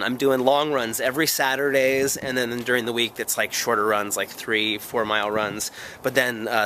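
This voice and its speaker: Man, vlogger, casual chat to camera, rambling, self-mocking, sore after a run, faint background noise. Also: mid-range voice. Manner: rambling, excitable, self-mocking, lots of fillers.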